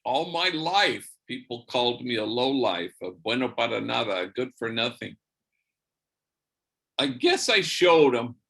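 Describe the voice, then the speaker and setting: A man's voice: medium pitch, big pitch swings, measured pace, vocal fry, fairly bright tone, heavily acted. A priest quoting a proud, grateful father. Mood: earnest. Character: grateful working-class father, proud and emotional.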